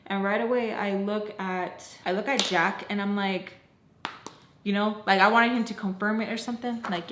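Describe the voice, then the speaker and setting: A young woman casually telling a storytime, acting out what people said with big jumps in pitch and saying "like" often. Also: moderate pace. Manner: animated, acts out quotes with jumps in pitch, frequent "like". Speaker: storytime vlogger. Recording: roomy echo, faint background noise.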